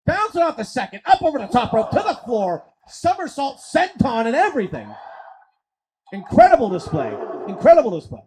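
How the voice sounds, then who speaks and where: Man, wrestling play-by-play, excitable, swears a lot, bursts into yelling, very high voice. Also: fairly quick, hardly any pauses, low-quality recording. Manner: excitable, profane, swings into shouting. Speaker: play-by-play commentator. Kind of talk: live streamed wrestling commentary.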